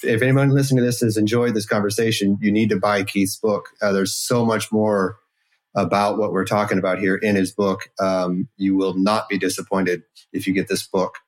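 A man co-hosting a podcast with a fairly low voice. He speaks in a relaxed, hesitant manner, pausing on fillers as he closes out the chat. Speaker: podcast co-host. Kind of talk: casual conversational interview.

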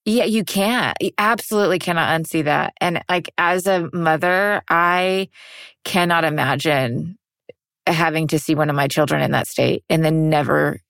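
A woman, a mother, co-hosting a podcast, reacting with quick exclamations and personal asides. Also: low-pitched, creaky, a bit bright, no room sound, clean studio sound. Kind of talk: casual chat.

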